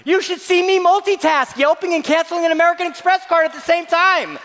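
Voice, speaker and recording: A man giving a keynote talk to staff, telling a comic story in an animated, playful, mock-outraged way. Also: extremely high pitch, fairly quick, some chatter behind. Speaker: keynote speaker. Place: large hall. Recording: long reverb of a large hall.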